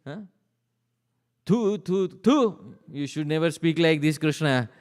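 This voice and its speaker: A woman's voice: low voice, fairly even intonation, fairly quick, smooth, voice pushed up, lightly acted. A man voicing a mother who scolds her small son and spits to ward off ill omens. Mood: scolding.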